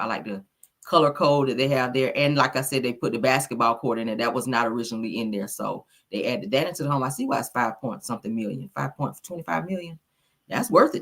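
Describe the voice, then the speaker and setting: A woman hosting a gossip channel, chatting casually and gushing, calling her viewers honey and child. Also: very deep voice. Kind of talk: casual commentary.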